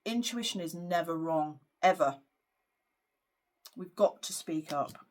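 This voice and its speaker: A woman's voice: fairly low pitch, lively intonation, takes it slowly. A woman psychic giving a spiritual card reading to camera, speaking earnestly and hesitantly with frequent fillers. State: emotional at times. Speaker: psychic medium.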